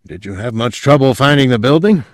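A man's voice: medium pitch, lively intonation, a little fast, dry recording, studio quality, voice pushed up, close to an everyday voice. A man voicing an older male agency chief who speaks in a guarded, controlled way.

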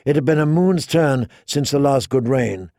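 A man narrating a fantasy novel as an audiobook, with measured, even storytelling. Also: medium pitch, no room sound, studio quality. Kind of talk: scripted narration.

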